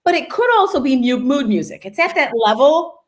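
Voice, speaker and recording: This real estate agent speaks in a high voice at a fairly quick clip. She's telling a humorous workplace tale on a podcast, animatedly performing the voices of everyone in it in a relaxed storytelling style.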